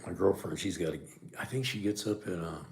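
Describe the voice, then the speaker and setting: A man's voice: low-pitched, a little fast. A middle-aged man hosting a podcast livestream, chatting casually and reading live comments in a laid-back way.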